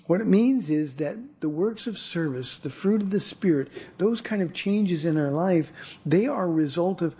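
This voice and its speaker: A male pastor delivers a sermon in a mellow, slightly husky voice. He speaks earnestly and often doubles up his words as he gathers a thought. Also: high-pitched, expressive, normal speed. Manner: earnest, repeats words when starting a thought. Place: church.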